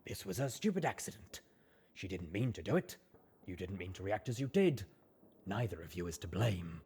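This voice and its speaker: Brief: male reader as a dry, calm pony mare, a bit raised and husky, fan audiobook. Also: low-pitched, moderate pace, full character voice. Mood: soothing. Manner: calm, dry, soft-spoken. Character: tough young mare, snide but now calm and soothing. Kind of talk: audiobook character reading.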